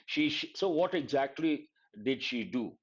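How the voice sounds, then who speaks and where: A man with an Indian English accent teaching a lesson. He reads a newspaper editorial aloud and stops to explain key words slowly and plainly. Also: a little high, animated, highs cut off. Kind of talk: live editorial analysis lesson.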